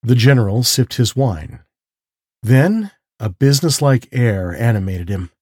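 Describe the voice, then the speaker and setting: Breathy, soothing male storyteller. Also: medium pitch, lively intonation, darkish tone, no echo, clean studio sound. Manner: slow, soothing and measured. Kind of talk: calm bedtime story reading with guided breathing.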